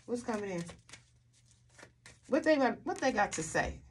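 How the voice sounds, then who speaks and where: A woman's voice: on the high side, expressive, normal speed, slight background noise. A woman doing a tarot reading for her viewers, blunt and emphatic, with frequent swearing and repeated rhetorical questions. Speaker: tarot reader.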